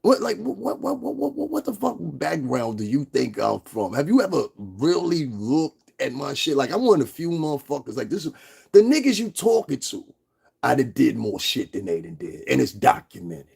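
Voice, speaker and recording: Brief: profane, confrontational livestream host, gravelly and husky, laughs a lot. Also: male voice, mid-range voice, big pitch swings, normal speed, a little mellow. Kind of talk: casual livestream rant.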